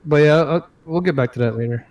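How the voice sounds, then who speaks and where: A man's voice: a little high, quick pace, poor audio. A man co-hosting a casual gaming podcast, joking with his partner. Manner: joking, lively intonation. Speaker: podcast co-host. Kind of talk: casual chat.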